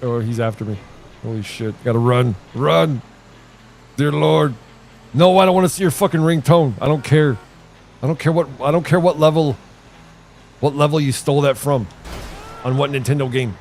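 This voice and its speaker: A man's voice: fairly high pitch, normal speed, long pauses, slight background noise. A middle-aged man giving profane, rambling commentary while streaming a video game. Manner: profane, rambling, animated storytelling. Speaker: gaming streamer. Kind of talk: casual live gameplay commentary.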